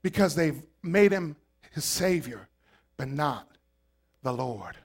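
A man preaching a sermon, swinging between shouted, fiery passages and quiet asides, calling out to the congregation. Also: a little high, big pitch swings, slow, breathy edge. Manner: calls out to the congregation.

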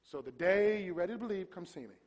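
High-voiced preacher in a reverberant hall. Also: male voice, fast. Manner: animated preaching, acts out voices, shouts at peaks. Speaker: pastor. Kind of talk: sermon. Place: church sanctuary.

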